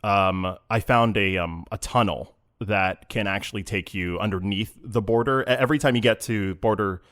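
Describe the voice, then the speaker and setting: A man's voice: fairly low pitch, moderate pace, a bit bright. A man co-hosting a podcast, earnestly telling a story in casual chat, often restarting his sentences. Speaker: podcast co-host.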